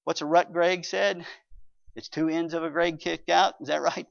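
A pastor delivering an earnest sermon, a man with a slightly high voice. He reads scripture aloud, now loud and now soft. The recording is dry and a little muffled. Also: steady tone, normal speed, vocal fry, no room sound.

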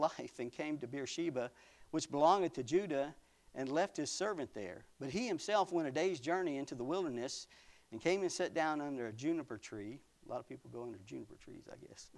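A man preaching a sermon, reading old scripture aloud and adding folksy asides, dropping to a near whisper at times. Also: on the high side. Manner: dramatic swings from loud to near whisper; folksy asides with small laughs.

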